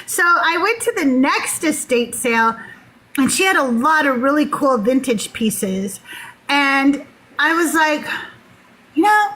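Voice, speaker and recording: High-voiced woman telling a lively story. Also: measured pace, poor audio. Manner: animated, laughing often. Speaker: podcast guest. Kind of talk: casual storytelling.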